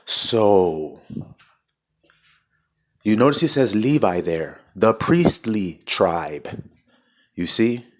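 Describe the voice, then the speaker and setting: A man delivers an informal sermon in a somewhat deep voice. He talks bluntly and swears freely. He keeps throwing rhetorical questions at his listeners. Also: animated, very slow, long pauses. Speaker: preacher.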